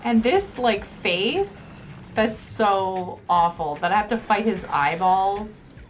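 A woman's voice: mid-range voice, animated, slow pace, slight background noise. A woman commenting live on her gameplay, reacting with frequent exclamations and mild swearing. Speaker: game streamer.

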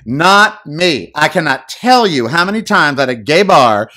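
Animated, theatrical man talking at home. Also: on the high side, unhurried. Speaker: podcast host. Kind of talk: casual monologue. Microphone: studio microphone.

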